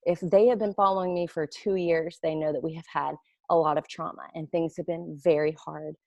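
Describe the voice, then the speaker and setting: A woman's voice: low voice, fairly quick, gravelly, no room sound. A woman, a network marketing recruiter talking casually and animatedly to her team. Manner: chatty, animated storyteller with playful quoted voices. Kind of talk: casual webinar talk.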